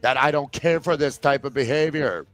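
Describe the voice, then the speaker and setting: A man's voice: medium pitch, normal speed, faint music behind, close to an everyday voice. A man voicing a catty, sassy male character who refuses to take any more mistreatment, in a bitchy, indignant manner.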